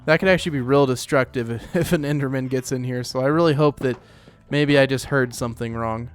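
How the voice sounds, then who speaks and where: A man's voice: mid-range voice, brisk, clear, resonant tone. A man hosting a let's play, rambling casually as he plays, with lots of fillers. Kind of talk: casual gameplay commentary.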